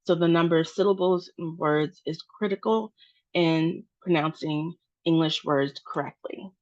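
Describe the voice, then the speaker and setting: American lady teaching pronunciation, slow and careful, kinda low voice, muffled audio. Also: fairly even intonation, darkish tone. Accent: General American. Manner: patient, over-articulates example words.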